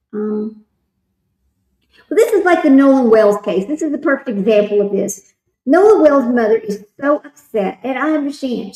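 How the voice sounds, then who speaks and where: A woman's voice: on the high side, darkish tone, echoey room, low-quality recording. A woman hosting a casual livestream, rambling and talking straight to her viewers. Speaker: livestream host.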